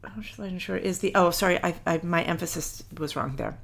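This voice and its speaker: A woman with a somewhat low voice co-hosts a podcast. She explains things at length in a casual, digressive way and reads passages aloud. She stops now and then to correct herself. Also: fast talker, gravelly, fairly bright tone. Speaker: podcast co-host. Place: Philadelphia area.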